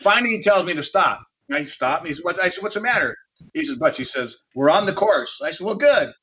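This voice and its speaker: A man's voice: a little high, lively intonation, fast, sharp tone, a little hiss or hum. A man telling a rambling, salty off-road racing yarn to a panel in casual chat. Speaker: panel guest. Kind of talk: casual storytelling. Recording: dull lo-fi audio.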